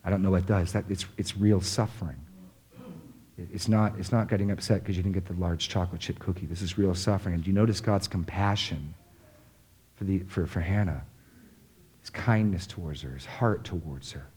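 A man's voice: sits low, fairly even intonation, a little mellow, husky. Man preaching a sermon with emphatic repetition. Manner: reads scripture slowly, then preaches with rising emphasis; repeats key phrases for stress. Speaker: pastor.

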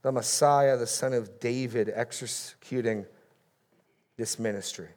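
A man's voice: mid-range voice, a little slow, darkish tone. A man preaching a sermon in church, reading scripture with rising emphasis on key phrases. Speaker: pastor.

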